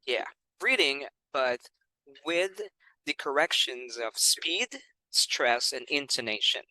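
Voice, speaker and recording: A man's voice: mid-range voice, animated, slow, pushed and bright, dry recording, poor audio. A man explaining how he teaches English, speaking patiently and often saying "all right" and "you know".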